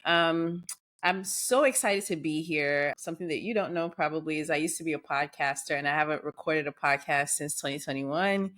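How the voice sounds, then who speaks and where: A woman from Nigeria with a Nigerian accent, a surgeon guest telling her story in a podcast interview with quick, animated delivery and frequent fillers. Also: deep voice.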